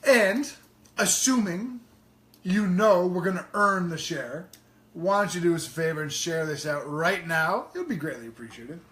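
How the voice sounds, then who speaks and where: A man's voice: high voice, expressive, normal speed, fairly bright tone, roomy sound. A man co-hosting a live show in casual, joking chat, swearing freely. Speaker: co-host.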